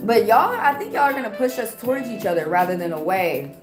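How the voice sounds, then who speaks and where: A woman's voice: mid-range voice, lively intonation, reverberant. Confrontational woman ranting over music. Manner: confrontational, rapid-fire rhetorical questions. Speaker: livestream host. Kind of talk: heated casual livestream rant. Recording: music playing clearly behind.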